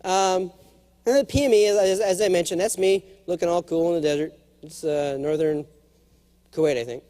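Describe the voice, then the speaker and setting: A man in his forties giving a humorous conference keynote, telling stories and jumping into acted quotes. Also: moderate pace. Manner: animated storyteller, jumps to high acted quotes. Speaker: keynote speaker. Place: large conference hall.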